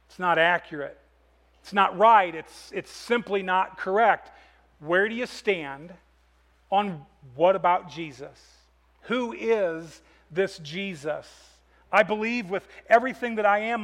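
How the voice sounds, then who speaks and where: High-voiced, excited man preaching. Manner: energetic, emphatic, repeats words and restarts. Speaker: pastor. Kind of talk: sermon.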